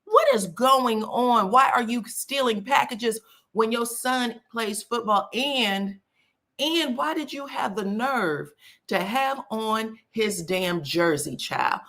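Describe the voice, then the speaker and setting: A woman's voice: fairly high pitch, expressive, slow, a bit bright. A woman hosting a casual live gossip stream, chatting to viewers and reading their comments aloud. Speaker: celebrity gossip host.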